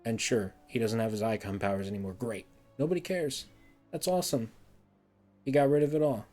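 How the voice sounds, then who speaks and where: A man's voice: medium pitch, fairly quick, mellow, soft background music. A man streaming a heated game review, ranting and swearing often, repeating words in frustration.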